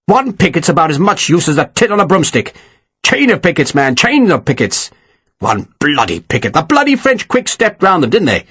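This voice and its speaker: A man's voice: on the high side, sing-song, normal speed, a bit bright, slightly rough, no echo, pitched above the performer's own voice, full character voice. A man voicing an irascible, profane older Welsh general who blusters and scorns. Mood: furious.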